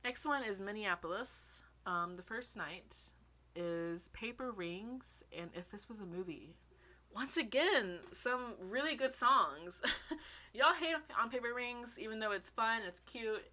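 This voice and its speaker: A young woman in casual vlog commentary, excitable and gushing, swearing casually and a little out of breath. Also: on the high side, unhurried. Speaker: fan ranking songs.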